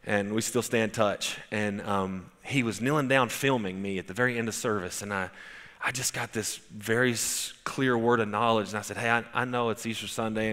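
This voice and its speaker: A lower-pitched man delivers a sermon from a church stage, his voice bright and forceful. He tells stories in a loose, conversational way, often restarting sentences, and a long reverb trails behind each phrase in the sanctuary. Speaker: pastor.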